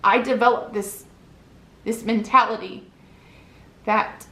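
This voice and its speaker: A woman's voice: medium pitch, normal speed, fairly bright tone. A woman, a vlogger telling an emotional story from her childhood in an earnest, confiding way, often asking the listener "right?". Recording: echoey room.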